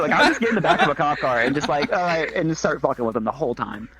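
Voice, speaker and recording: A young man telling a story in casual chat, animated and swearing freely as he acts out the people in it. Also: fairly high pitch, racing, low-quality recording.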